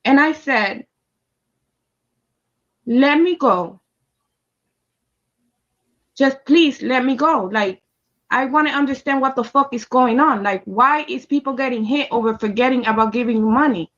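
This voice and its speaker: High-voiced woman telling an angry story. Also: measured pace, pauses often, fairly bright tone, lo-fi sound. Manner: emphatic, heated retelling with heavy profanity. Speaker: storyteller recounting a personal experience. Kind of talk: casual personal storytelling.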